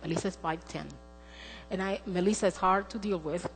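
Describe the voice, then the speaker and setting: A woman's voice: lowish voice, fairly even intonation, a little fast. A middle-aged woman preaching a sermon, earnest and storytelling, acting out the voices in her stories. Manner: earnest, storytelling with acted quotes. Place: church sanctuary. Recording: long church hall reverb with mains hum and faint music.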